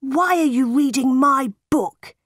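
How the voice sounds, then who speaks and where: A woman's voice: on the high side, very animated, moderate pace, breathy edge, no room sound, clean studio sound. A woman voicing a whiny, bullying little boy. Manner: shouting, whining and crying out.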